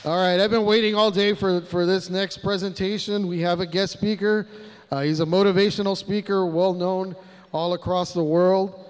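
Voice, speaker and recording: A man hosts a school district assembly, calling out chants to the crowd with energy. His voice is high and smooth. It rings with the long reverb of a big hall heard through the PA. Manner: energetic, leads call-and-response chants. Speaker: emcee. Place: large hall.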